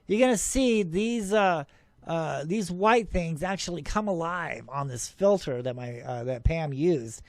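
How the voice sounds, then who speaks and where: A man with a high voice hosts a UFO show and talks over his own footage in an excitable, rambling way. He laughs often and scoffs at doubters. The sound is dry and close. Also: no room sound. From Arizona, USA.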